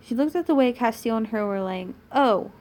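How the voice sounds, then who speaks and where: A woman's voice: on the high side, animated, a little fast, mellow. A young British woman reading fanfiction aloud on a stream, stumbling over the lines and adding sarcastic asides.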